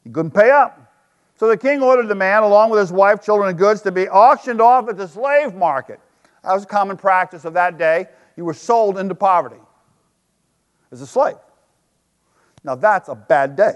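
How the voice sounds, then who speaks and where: A preacher with a high, ringing voice tells a story in his sermon, emphatic one moment and hushed the next. His words carry a long reverb that fills a church hall. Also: expressive, normal speed. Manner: storytelling, emphatic with sudden drops to a hush. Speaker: pastor.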